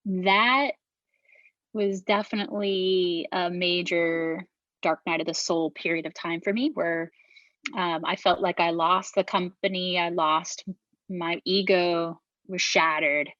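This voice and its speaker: A woman's voice: on the low side, steady tone, slow pace, fairly bright tone, dry recording, muffled recording. A middle-aged woman telling her story as an interview guest, speaking frankly, swearing casually and often restarting her sentences. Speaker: podcast guest, beverage founder.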